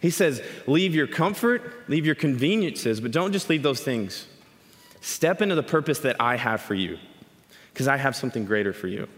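A man giving a sermon, explaining scripture and telling a story in an animated way. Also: mid-range voice, moderate pace. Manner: animated storytelling, acts out quoted voices. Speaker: speaker teaching scripture. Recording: long hall reverb.

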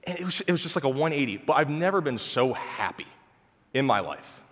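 A man's voice: medium pitch, animated, brisk, a bit bright, long reverb tail. A young man sharing a personal faith testimony in casual, heartfelt storytelling full of filler words. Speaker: speaker sharing his testimony.

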